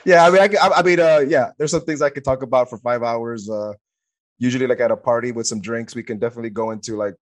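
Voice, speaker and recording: A man's voice: medium pitch, fast talker. A man hosting a podcast in casual conversation, hesitant, with many "uh" fillers. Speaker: podcast host.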